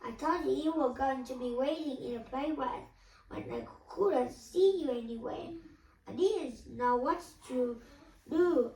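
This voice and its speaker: A woman's voice: high-pitched, a little mellow. A woman reading a story aloud, voicing an impatient, scolding adult man who is a harried teacher. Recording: echoey room, voice from a distance.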